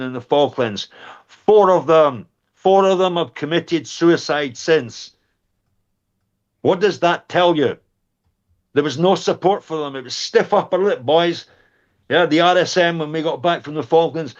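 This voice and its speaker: A man's voice: a little high, lo-fi sound. A man in his sixties, a war veteran guest close to tears, speaking with passion about lost comrades. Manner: impassioned, choked up, dwelling on lost comrades. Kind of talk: emotional interview.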